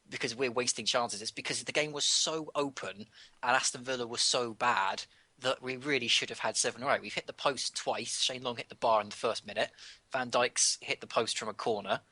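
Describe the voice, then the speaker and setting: English male podcast co-host, opinionated football analysis, husky and bright, dry sound. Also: medium pitch, no room sound. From England. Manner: opinionated, analytical, repeats words when thinking. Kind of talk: casual football chat.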